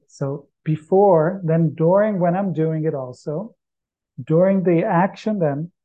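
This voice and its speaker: A man chanting verses slowly, then explaining them in relaxed, anecdotal talk with non-native English phrasing. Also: on the high side. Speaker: spiritual teacher. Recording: dull lo-fi recording.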